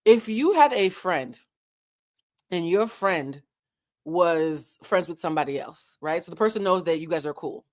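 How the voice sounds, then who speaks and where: A woman's voice: fairly low pitch, expressive, measured pace, darkish tone. A woman hosting a commentary channel, talking straight to her viewers in an impassioned, lecturing rant full of pointed rhetorical questions. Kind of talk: direct-to-camera commentary rant.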